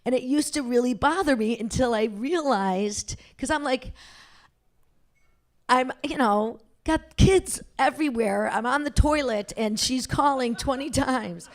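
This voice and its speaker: A woman's voice: high voice, measured pace. A middle-aged woman telling a personal story on stage before a live audience, chatty and self-mocking, laughing as she goes.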